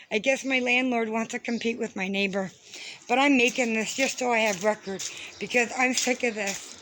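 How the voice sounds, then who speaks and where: Fed-up woman ranting outdoors. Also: on the high side. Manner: fed-up, ranting, swears often. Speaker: vlogger. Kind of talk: walking tour vlog, complaining. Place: outdoors around a house with birds. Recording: noisy outdoor phone recording.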